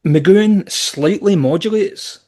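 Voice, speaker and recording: A man's voice: high voice, slow, darkish tone. A man, a guest on a podcast, talking in a thoughtful, rambling way with many asides. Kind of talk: casual chat.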